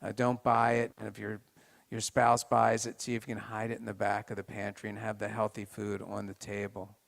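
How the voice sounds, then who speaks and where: Gravelly man giving a halting talk. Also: fairly low pitch, monotone. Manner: halting, with many restarts and questions to the audience. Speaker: health talk presenter. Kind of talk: informal lecture to a group.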